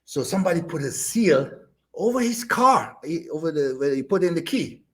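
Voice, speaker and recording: An older man with a German accent, a bodybuilder guest telling animated stories, acting out quotes with loud bursts and laughter. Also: on the high side, moderate pace. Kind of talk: animated storytelling.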